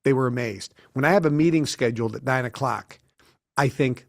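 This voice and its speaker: A middle-aged man as an interview guest, telling lively anecdotes and acting out the people he quotes. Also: mid-range voice, brisk, gravelly. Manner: animated storyteller who acts out quotes. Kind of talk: casual interview talk.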